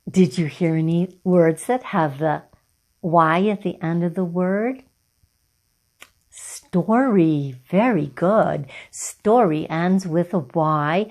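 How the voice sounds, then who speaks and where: A middle-aged woman teaching a children's phonics lesson, talking slowly and clearly and praising the children often. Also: fairly low pitch, darkish tone. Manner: encouraging, slow and clear, with drawn-out words for children.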